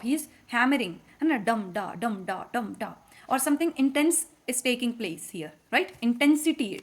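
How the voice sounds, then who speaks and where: Woman, Indian English accent, fairly high voice, a cold in her throat; patient lecturing teacher, step-by-step explanations with frequent fillers. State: has a cold. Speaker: literature teacher. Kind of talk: classroom lecture.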